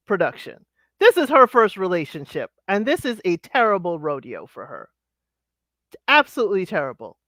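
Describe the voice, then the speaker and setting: A woman's voice: on the low side, fairly bright tone, dry recording. A woman giving sassy, blunt commentary on a reality show, scolding the people on it. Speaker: panel co-host. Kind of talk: casual commentary chat.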